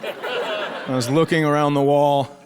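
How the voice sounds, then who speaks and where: A middle-aged Midwestern comedian performs a sardonic, profane stand-up set on a theater stage, acting out the people in his stories. His voice is on the high side, steady and slow. Through the stage microphone, the live audience's laughter runs throughout as background noise.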